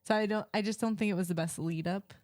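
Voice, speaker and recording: A woman's voice: medium pitch, fairly even intonation, fast, darkish tone, no echo. Chatty woman with a dry close sound. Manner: chatty, laughs often, many "like" fillers. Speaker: podcast co-host. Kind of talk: casual chat among friends.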